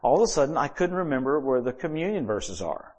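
Here a male pastor rattles through a sermon at speed, narrating stories vividly with big shifts in how high and loud he sounds.

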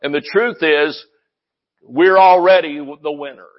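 A male pastor preaching a sermon in a lively way, breaking into laughs and hallelujahs. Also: fairly high pitch, measured pace, lo-fi sound.

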